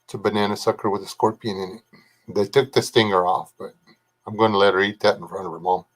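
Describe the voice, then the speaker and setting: A man's voice: on the low side, fairly even intonation, quick pace. An older man, rambling casually as he hosts a livestream, greeting viewers by name and chatting about his family. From Texas. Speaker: livestream host. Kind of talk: casual live chat reading comments.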